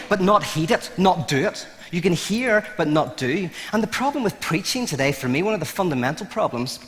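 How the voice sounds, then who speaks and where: A man's voice: mid-range voice, fairly bright tone. A man being interviewed, talking in a loose storytelling way with many restarts and laughs at his own points. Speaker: interview guest. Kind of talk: conversational storytelling. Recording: long hall reverb.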